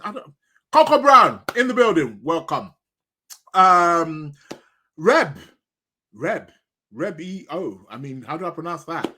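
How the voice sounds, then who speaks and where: A man's voice: sits high, pushed and bright. A man hosting an astrology podcast live stream in a casual, rambling chat, greeting viewers by name and munching snacks as he talks.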